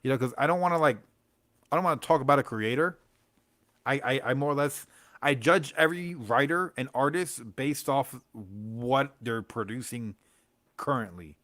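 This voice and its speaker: A man's voice: medium pitch, normal speed, fairly bright tone, dry recording. A young man hosting a comics livestream, rambling in casual chat with lots of fillers, slang and laughs.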